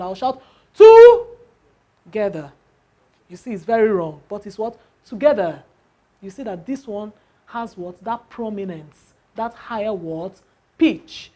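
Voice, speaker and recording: A woman's voice: medium pitch, dark tone. A woman teaching a lesson on word stress, spelling out letters and asking the class rhetorical questions.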